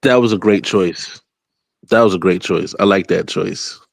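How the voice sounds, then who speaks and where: Slow easygoing guy making his pick, dry close sound. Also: low-pitched, gravelly, no room sound. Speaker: draft participant. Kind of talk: casual group chat.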